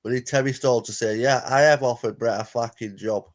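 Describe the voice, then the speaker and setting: A man's voice: mid-range voice, steady tone, brisk. A man hosting a live reaction stream, talking bluntly and casually, swearing freely.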